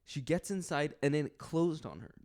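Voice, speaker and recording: A man's voice: on the high side, lively intonation, moderate pace, darkish tone. A man co-hosting a podcast, joking in a laid-back way and often restarting his sentences. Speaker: podcast co-host. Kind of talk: casual chat.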